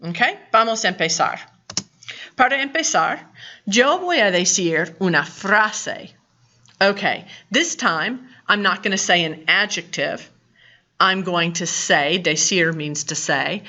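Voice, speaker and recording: Bright-voiced woman teaching a language lesson. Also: fairly low pitch, muffled recording. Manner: chatty, explains step by step, mixes English and Spanish. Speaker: Spanish teacher. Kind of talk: recorded video lesson.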